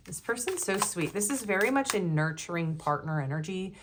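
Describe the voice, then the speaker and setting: A woman giving a pick-a-card tarot reading. She reads card meanings quickly, then rambles loosely and often trails off mid-sentence. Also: on the low side, expressive. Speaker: tarot reader.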